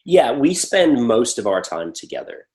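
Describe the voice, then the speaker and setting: A man being interviewed about his acting work, talking casually and rambling into lively stories with acted-out quotes. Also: mid-range voice, measured pace. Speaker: actor guest.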